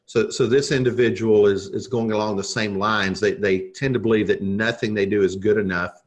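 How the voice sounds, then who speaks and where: A man's voice: fairly low pitch, steady tone, normal speed. A man as a podcast guest, telling a personal story in an earnest, reflective way as a leadership coach.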